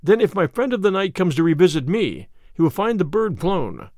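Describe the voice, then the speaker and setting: A man's voice: high voice, big pitch swings, moderate pace, darkish tone, no room sound, clean studio sound. A man reading an audiobook, voicing an earnest, recovering young man. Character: weak young male convalescent client, eager.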